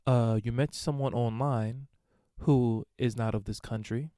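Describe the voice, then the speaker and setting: A man's voice: mid-range voice, fairly even intonation, moderate pace, mellow, no echo, studio quality. A man hosting a show, reading a listener's email aloud and giving blunt, informal advice in a casual monologue. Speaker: podcast host answering listener emails.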